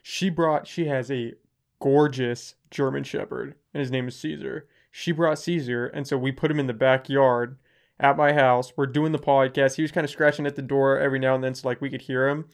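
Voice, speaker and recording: A man's voice: medium pitch, normal speed, gravelly. A young man hosting a podcast, telling a story animatedly and acting out what people said. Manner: animated storyteller, acts out quotes. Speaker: podcast host. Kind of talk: casual storytelling.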